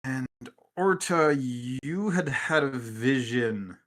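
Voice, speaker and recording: A man at a mid pitch hosts a tabletop game over a stream. He recaps with dry sarcasm and breaks into laughter easily. His voice comes through a computer mic. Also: expressive, slow pace, fairly bright tone. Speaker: game master. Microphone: computer mic on a video stream.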